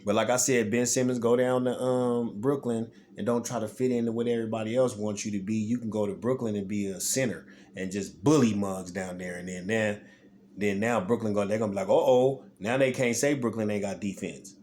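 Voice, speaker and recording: Male vlogger, deeper voice, casual rambling sports talk, addresses viewers directly. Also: fairly even intonation, fairly quick, a little mellow, slight background noise. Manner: rambling, talks straight to viewers, repeats himself.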